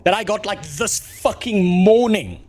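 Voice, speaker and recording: A man's voice: sits high, lively intonation, unhurried, a little mellow. A man streaming live, talking bluntly and profanely in a ranting commentary. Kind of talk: casual livestream commentary.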